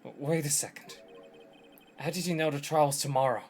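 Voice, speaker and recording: A man's voice: on the high side, normal speed, a little hiss or hum, lightly acted. A man as Phoenix Wright, stammering. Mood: flustered. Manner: hesitant, stammering. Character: earnest young male defense lawyer, flustered.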